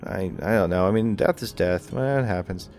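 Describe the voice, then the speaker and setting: A man's voice: low-pitched, moderate pace, music in the background. A young man running a tabletop game as game master, talking hesitantly with fillers and restarts.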